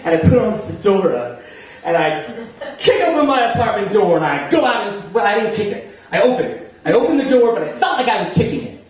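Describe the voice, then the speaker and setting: A man's voice: sits high, sing-song, quick pace. A man from New Jersey telling a self-mocking comic story live on a small theater stage, chatty and laughing as he goes. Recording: echoey room, voice from far off.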